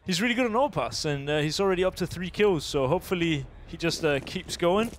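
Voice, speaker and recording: A man's voice: fairly high pitch, animated, brisk. A man giving chatty esports color commentary, full of ums and restarts. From Denmark. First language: Danish. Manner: hesitant, filler-heavy analysis, chatty and joking.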